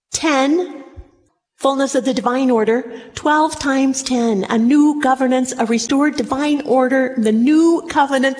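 Brief: dramatic female preacher, high pitch, recorded in a reverberant hall. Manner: dramatic, acts out scripture voices. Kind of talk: sermon. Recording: long hall reverb, faint noise.

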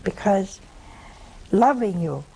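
A woman's voice: medium pitch, expressive, slow pace, creaky, warm tone, a little hiss or hum, low-quality recording. An older woman giving a sermon, telling humorous stories in a folksy way and acting out the dialogue. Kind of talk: sermon with storytelling.

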